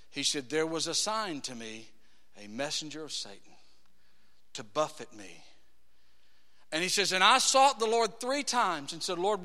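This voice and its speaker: A man preaching a sermon. He swings from hushed, low passages to shouted, drawn-out climaxes. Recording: long hall reverb.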